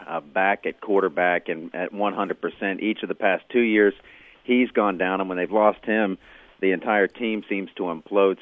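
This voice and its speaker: A man with a fairly low voice phones in to a radio show. He talks through the game in a relaxed, knowledgeable way and often restarts his phrases. The line is narrow and tinny, with no room sound. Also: no echo. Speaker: sports radio guest analyst. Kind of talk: radio interview, casual sports talk. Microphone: phone call.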